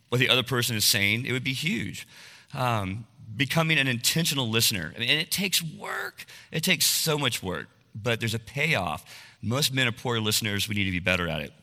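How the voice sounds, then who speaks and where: A man's voice: mid-range voice, bright, forceful tone, in a large hall. A man in his forties giving an earnest, confessional sermon-style talk, often checking in with his listeners. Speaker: speaker at a men's talk.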